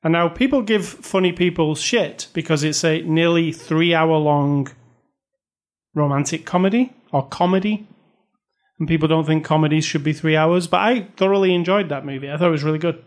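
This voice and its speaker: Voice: mid-range voice, moderate pace. Casual podcast co-host, easygoing, reviewing films. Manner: relaxed, reads reviews aloud, gives recommendations. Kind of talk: casual movie review chat.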